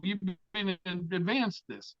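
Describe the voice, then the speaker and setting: His voice sits high and his pace is unhurried as this Florida man, appearing as an interview guest, works through a long, foul-mouthed story and performs everyone else's dialogue. The lo-fi recording is dull, with no room sound.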